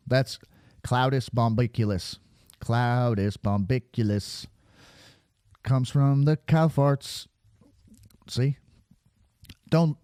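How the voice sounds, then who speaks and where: A man talks over footage on screen, out of breath and rambling, sliding from sarcasm into preaching. His voice is mellow and dark, and it sits close and dry on the mic. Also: medium pitch, no echo. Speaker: video creator. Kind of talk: casual commentary over weather radar footage.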